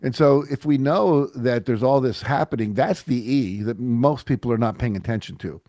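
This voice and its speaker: Middle-aged male guest, lively storyteller, dry close sound. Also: mid-range voice, normal speed, no echo. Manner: animated storyteller, acts out quotes. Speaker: podcast guest. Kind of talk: casual interview chat.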